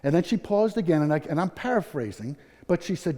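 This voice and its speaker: A man's voice: sits high, big pitch swings, a little fast, darkish tone. A middle-aged man speaking candidly at a conference, telling a personal story with self-deprecating humor. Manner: candid, self-deprecating, quotes people in their voices. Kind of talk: personal story told on stage. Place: conference hall. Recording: long hall reverb.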